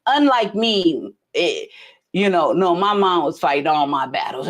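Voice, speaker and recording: A middle-aged woman hosting a casual live chat, telling profane stories and acting out the dialogue. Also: unhurried. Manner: animated, profane, acts out dialogue in high voices. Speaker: host.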